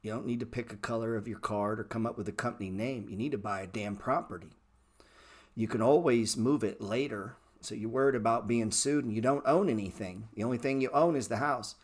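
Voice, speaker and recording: A man's voice: medium pitch, brisk. A middle-aged man hosting a casual trading livestream, blunt and profane as he lectures viewers in the chat. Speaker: trading show host answering viewer chat.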